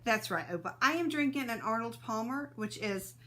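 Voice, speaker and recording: Woman, live-stream host, chatty, sneezy, bright, slightly high. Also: expressive, moderate pace. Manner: chatty, greets viewers by name, laughs often. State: sneezy, teary-eyed. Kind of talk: casual live-stream chat greeting viewers.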